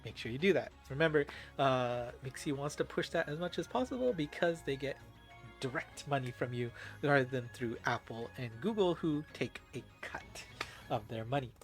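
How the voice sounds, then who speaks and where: A man hosting a casual game news recap, chatty with many filler words, over faint background music. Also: on the high side.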